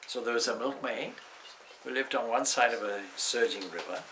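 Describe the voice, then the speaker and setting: A man's voice: medium pitch, normal speed, sharp tone, a little hiss or hum, poor audio. A man, a swami, giving a spiritual talk indoors in a discursive way, weaving in stories and side remarks. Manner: discursive, with asides and restarts.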